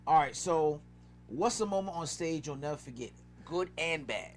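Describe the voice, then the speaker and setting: A man's voice: a little high, expressive, normal speed, a little hiss or hum. A man hosting a casual interview, laid-back and slangy, mostly giving short replies and asking questions. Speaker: host.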